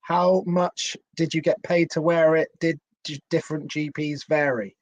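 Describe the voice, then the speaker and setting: A man hosts a live interview with a slightly raised pitch. He talks in a chatty way and relays viewers' comments and questions to his guest. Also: steady tone, unhurried. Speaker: host.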